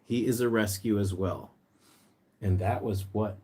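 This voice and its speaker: A man hosting a casual livestream, chatting and reading viewer comments aloud, sometimes jumping into a high sing-song voice to coax his pet bird. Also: unhurried, warm tone, breathy edge. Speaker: pet rescue livestream host.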